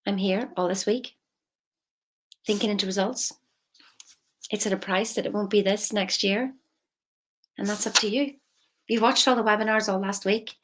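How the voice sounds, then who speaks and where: A woman, a money mindset coach talking casually, emphatic and chatty with soft intimate asides. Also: medium pitch, fairly even intonation, normal speed, pauses often. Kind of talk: casual motivational vlog.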